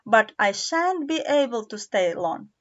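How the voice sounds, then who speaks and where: A woman's voice: a little high, very animated, unhurried, lo-fi sound. A woman voicing a polite, puzzled young girl.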